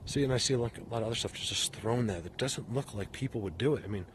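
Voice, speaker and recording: A man filming an outdoor vlog on a mountainside, talking to his viewers excitedly and out of breath. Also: mid-range voice, quick pace, slight background noise. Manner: animated, talks to viewers while filming. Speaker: vlogger.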